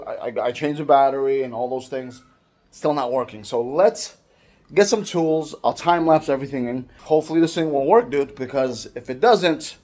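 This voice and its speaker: A man's voice: mid-range voice, a little mellow. A man who grew up in the United States, talking casually as he walks through a scooter repair, rambling and correcting himself as he works. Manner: rambling, chatty, self-correcting. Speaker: DIY vlogger. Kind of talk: casual how-to vlog. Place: garage or yard, working on a scooter.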